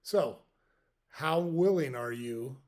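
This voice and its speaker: A man's voice: medium pitch, expressive, slow, a little mellow. A middle-aged man hosting a podcast, giving a folksy, reflective motivational talk and explaining his points step by step. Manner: folksy, tells jokes as examples. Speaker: podcast host.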